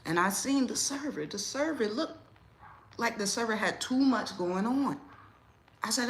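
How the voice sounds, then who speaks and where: A woman's voice: unhurried, long pauses, slight background noise. A woman hosting a casual livestream, telling a story. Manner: animated, rising loud and high when riled. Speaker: livestream host.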